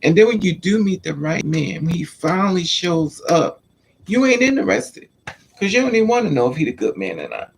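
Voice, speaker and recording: A man's voice: sits high, very animated, a little fast, creaky, a little hiss or hum. A man vlogging, telling frank personal stories in a confiding, chatty way. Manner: frank, confiding, acts out quoted exchanges. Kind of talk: candid personal storytelling.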